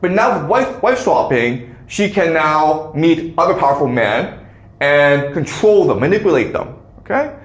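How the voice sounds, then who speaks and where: A man giving a classroom lecture, checking in often with the students. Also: on the high side. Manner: checks in with frequent "okay?". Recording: echoey classroom.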